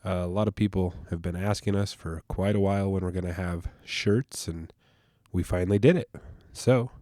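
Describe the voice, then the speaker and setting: A man's voice: sits low, moderate pace, mellow, no room sound, clean studio sound. A man hosting a podcast, talking in a laid-back, casual way with a stuffed-up nasal voice from allergies. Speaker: podcast host. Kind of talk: casual podcast intro and chat.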